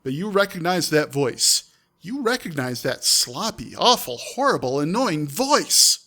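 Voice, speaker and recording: A man's voice: a little high, big pitch swings, measured pace, sharp tone. A man streaming live, reading out a text adventure and breaking off with offhand asides. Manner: reads aloud with offhand asides. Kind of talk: live-streamed game narration.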